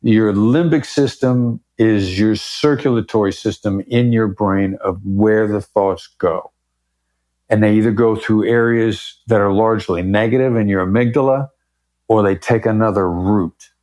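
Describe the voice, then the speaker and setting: During a conversational podcast interview, a male negotiation expert makes his case with emphasis, shifting his pace for effect. His voice sits on the low side, steady and unhurried, with a darkish tone.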